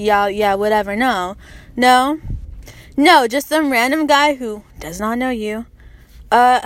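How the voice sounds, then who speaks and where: High-voiced profane young woman podcaster. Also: no room sound. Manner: blunt, profane, laughing often. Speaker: podcast host. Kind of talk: casual podcast chat.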